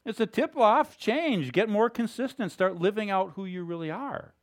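A man's voice: high-pitched, moderate pace. A male pastor giving a conversational, emphatic sermon.

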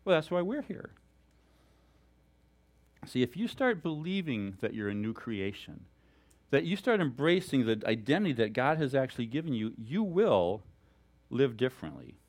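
A male pastor giving a sermon in an animated, storytelling way, chuckling often as he talks. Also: medium pitch, normal speed, long pauses.

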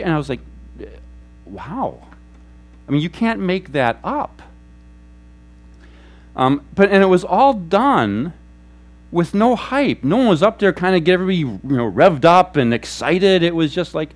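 A man preaching a sermon as a pastor, telling stories in an animated way and acting out quoted voices. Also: a little high, normal speed, long pauses. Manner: animated storytelling, acts out quotes. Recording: faint mains hum.

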